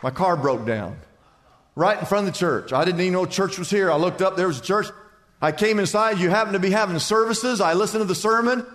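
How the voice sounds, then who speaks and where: A man preaches from the pulpit in a bright, high voice, his words hanging in a long church reverb. He builds rising lists and climbs to shouted peaks as a pastor driving his sermon home. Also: brisk. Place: large church sanctuary.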